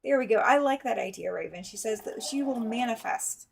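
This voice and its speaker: A woman's voice: on the high side, brisk, gravelly, a little hiss or hum. Chatty woman hosting a quilting livestream. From United States. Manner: chatty, reads out viewer comments, warm thanks; frequent fillers and restarts, bursts of excitement. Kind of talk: casual livestream chat while sewing.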